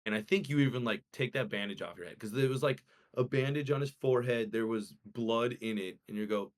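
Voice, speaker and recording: A young man co-hosting a casual podcast, telling a story in an animated way and acting out the quotes with swearing. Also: medium pitch, brisk, hardly any pauses. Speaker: podcast co-host.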